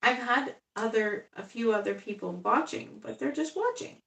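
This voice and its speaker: A woman's voice: a little high, animated, moderate pace, creaky, fairly bright tone. A woman in her fifties chatting on a casual live stream at home as she works on dolls. She rambles and laughs often. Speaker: doll artist live-streaming. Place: home room. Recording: echoey room, far from the mic.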